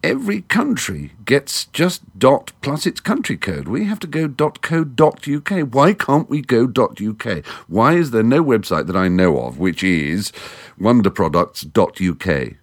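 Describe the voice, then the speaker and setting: Speaking at a measured pace in a mid-range voice, a middle-aged man from England delivers a solo podcast into a studio microphone. He's highly animated, with a wry, theatrical and erudite style.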